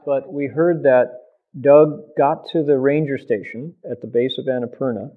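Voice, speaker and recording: A man telling a story with lively sound effects and acted quotes, recorded in an oral history interview. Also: medium pitch, normal speed. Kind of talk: animated storytelling. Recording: tinny phone-like sound.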